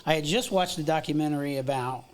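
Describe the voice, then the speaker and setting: A middle-aged American man telling stories from his past in a casual interview, animated and full of restarts and laughs. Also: a little high, fast talker. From United States. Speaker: podcast guest.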